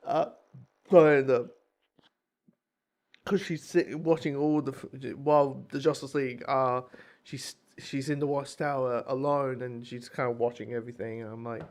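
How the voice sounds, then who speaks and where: A man talks through a comic book review in a loose, unscripted way, circling back and restarting his sentences often. His voice sits a little higher than most men's, and he swears freely and chuckles at his own reactions. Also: normal speed. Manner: rambling, many restarts, swears, laughs at himself. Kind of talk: casual spoken review.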